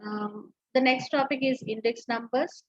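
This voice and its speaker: A woman's voice: a little high, steady tone, unhurried, dry recording, highs cut off. A woman teacher giving an online lecture, explaining step by step with frequent fillers and restarts.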